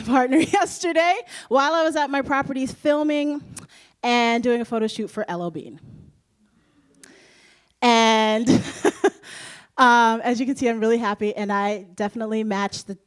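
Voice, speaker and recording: In a school presentation room, a guest speaker in her thirties from the United States addresses an audience with a high-leaning voice. The talk is lively and laugh-filled, packed with fillers.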